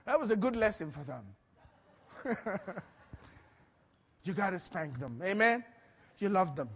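A man preaching a sermon, telling stories with lively acted-out quotes and frequent laughter. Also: high-pitched, a little slow, husky, big-room sound. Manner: animated storytelling, acts out quotes, laughs often. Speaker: pastor.

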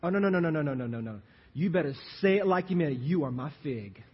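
A middle-aged man preaching a sermon as pastor, calling out to the congregation and moving between loud appeals and hushed, slow passages. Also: a little high, animated, husky. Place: church sanctuary. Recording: dull muffled live church recording with long reverb.

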